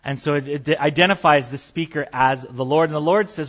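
A man's voice: fairly high pitch, fairly quick, few pauses, a bit bright, highs cut off. A man preaching a sermon as pastor, conversational and storytelling, with light humor.

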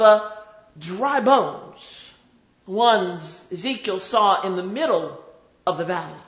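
A woman preaching a sermon in a measured, rhythmic way, with dramatic repetition. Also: mid-range voice, expressive, fairly bright tone. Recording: roomy, slightly dull recording.

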